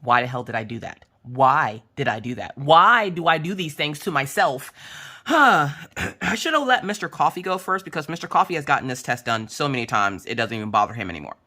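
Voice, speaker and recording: A young woman vlogger tells a story in a casual chat, with a bright, forceful voice. Her pitch swings widely, and she retells events dramatically with loud squeals and exclamations. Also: big pitch swings, quick pace. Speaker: crafting vlogger.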